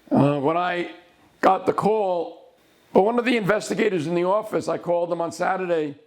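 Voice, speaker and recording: A middle-aged male lawyer recounting a past case, speaking deliberately in short phrases and slowing down to stress key words. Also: a little high, a little mellow. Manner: deliberate, broken into short phrases, with slowed emphasis.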